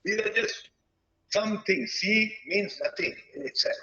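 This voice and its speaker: A man in his sixties from India, giving an earnest, reflective lecture to teachers and pausing often mid-sentence. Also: high voice, little pitch movement, bright, forceful tone, dull audio. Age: 60s. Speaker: guest speaker at a teachers' webinar. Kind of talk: lecture-style talk.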